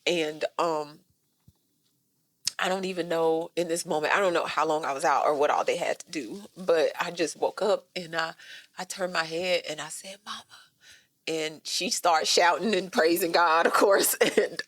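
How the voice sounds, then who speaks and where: A woman in her thirties recounts her own story in a candid, animated podcast chat. Her voice sits on the low side and the recording is dry and close. She leans in with casual asides to her listeners. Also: no room sound. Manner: animated storytelling, addresses listeners as "y'all" and "girl". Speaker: guest. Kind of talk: personal storytelling in a podcast conversation.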